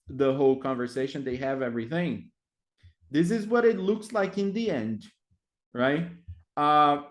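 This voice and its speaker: An English teacher trainer with a slightly high voice explains classroom activities. He sounds hesitant, uses plenty of fillers, and keeps tagging his sentences with "right?"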